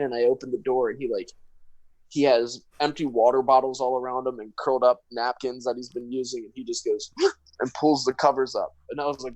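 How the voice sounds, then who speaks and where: A man's voice: mid-range voice, steady tone, normal speed, darkish tone, dry recording, low-quality recording. A young man co-hosting a podcast, telling a story in a casual, profane way and acting out what people said. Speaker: podcast co-host.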